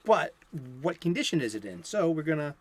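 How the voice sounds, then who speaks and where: Male comic book host, unscripted home chat, rambling and upbeat, lo-fi sound, voice sits a little high. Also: very animated, brisk. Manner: rambling, enthusiastic, many restarts and fillers. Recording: lo-fi home recording.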